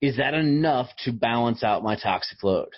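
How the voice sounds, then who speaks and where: A man's voice: mid-range voice, lively intonation, moderate pace, no room sound, muffled recording. A man hosting a podcast interview, chatting casually, joking and restarting his sentences. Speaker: podcast host.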